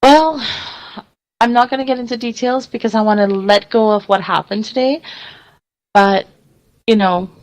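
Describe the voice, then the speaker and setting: A woman's voice: fairly high pitch, normal speed, pauses often, poor audio. A woman hosting a radio talk show, chatting casually and acting out little quoted scenes with frequent laughs. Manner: animated storyteller, acts out quotes, laughs often. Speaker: radio host.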